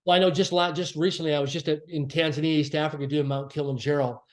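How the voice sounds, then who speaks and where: A man with a fairly high voice speaks as a podcast guest. He tells his story earnestly and reflectively, easing off the pace whenever he wants a phrase to land. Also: steady tone, quick pace.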